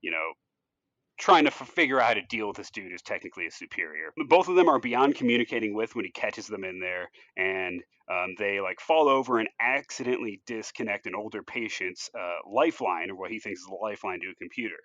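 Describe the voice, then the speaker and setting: A man with a fairly low voice talks through a story idea in loose, rambling podcast chat. He keeps circling back with "like" and "you know" and restarts his sentences often. The recording is dry and a little dull, close to the mic with no room sound. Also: expressive, brisk, a bit bright, dry recording. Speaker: podcast co-host pitching a movie idea. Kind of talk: casual chat.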